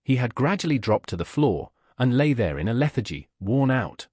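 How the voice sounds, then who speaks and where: A man narrating a classic novel as an audiobook with an expressive, measured reading. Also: medium pitch, husky, no room sound, studio quality. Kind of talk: scripted narration.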